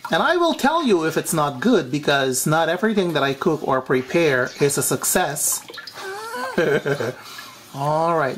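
An animated man from Suriname hosts his own cooking vlog. He keeps turning to the viewers as "you guys", and his voice jumps from low to high from one phrase to the next. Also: slight background noise. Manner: big swings in pitch. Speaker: cooking show host.

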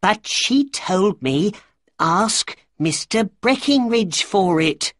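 A man's voice: animated, slow, a bit bright, dry recording, clean studio sound, exaggerated voice. A man doing a weak, frightened little man. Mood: pleading. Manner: high, anxious, pleading.

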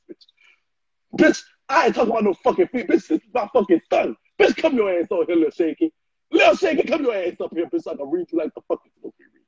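A man doing a loud, flamboyant ranting reaction video, trading in trash talk and frequent shouting. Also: very high voice, husky, no room sound. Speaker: social media personality. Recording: muffled lo-fi dry recording.

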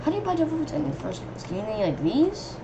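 Excitable woman with lively, shrieking commentary. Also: sits high, fast talker, creaky, dull audio, background noise. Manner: excitable, yelps and shrieks at enemies; rambling running reactions to the game. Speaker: gamer. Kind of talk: casual gameplay commentary.

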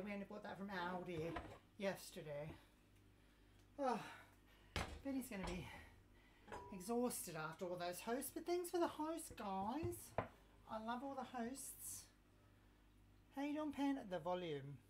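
A woman's voice: mid-range voice, background noise. A woman hosting a casual live cooking stream, chatting and joking with viewers in a self-mocking way. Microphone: clip mic, sometimes moved.

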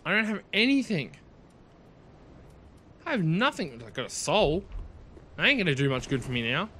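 A young man commentating his own gameplay, excitable, swearing and yelping at what happens on screen. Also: on the high side, moderate pace, slight background noise. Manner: excitable, swears and yelps at the game. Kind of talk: let's play commentary.

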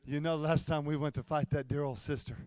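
A pastor voicing a sheepish, beaten little male imp who mumbles nervously in a hushed voice. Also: a little high, steady tone, brisk, clean tone, dry recording, pitched below the performer's own voice, close to an everyday voice.

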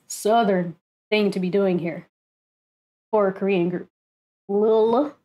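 A woman's voice: medium pitch, takes it slowly, long pauses. Chatty woman reacting with frequent laughter. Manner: chatty, laughs often, excitable. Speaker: reaction video host. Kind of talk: casual album reaction.

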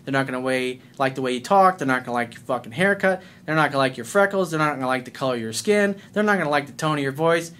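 A man's voice: mid-range voice, expressive, fast, few pauses, bright, forceful tone. A middle-aged man, a life coach, delivering a blunt, confrontational monologue full of profanity.

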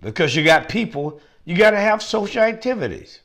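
Emphatic preaching man, lively pitch. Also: a little fast, vocal fry. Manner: emphatic, repetitive preaching with rising peaks. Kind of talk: sermon.

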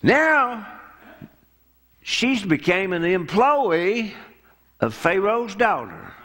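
Slow, animated preacher. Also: male voice, sits high. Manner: folksy, storytelling preacher who acts out the characters' lines. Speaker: pastor. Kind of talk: sermon. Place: church sanctuary.

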